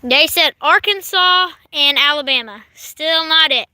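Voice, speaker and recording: Bright high-voiced woman with a Kentucky accent. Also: unhurried. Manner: reads viewer comments aloud, giggly and chatty. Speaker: livestream host reading chat. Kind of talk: casual live-stream chat. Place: outdoors on a horse farm.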